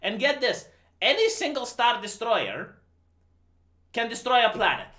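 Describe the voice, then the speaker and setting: Animated, incredulous man ranting profanely. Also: very high-pitched, unhurried. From Romania. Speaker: livestream host. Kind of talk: casual movie rant. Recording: roomy echo.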